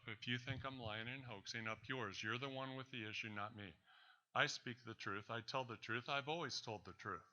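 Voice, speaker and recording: His mid-range voice has a sharp tone. He's presenting a talk to an audience, recounting a personal story with emphatic defiance and speaking directly to his doubters.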